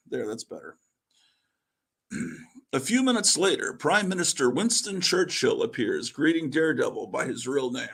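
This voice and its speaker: A man's voice: mid-range voice, animated, unhurried, creaky, long pauses, a bit bright, breathy edge. A man reading a vintage comic book aloud in a casual way, stopping now and then for asides. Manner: reads along, breaking off for asides.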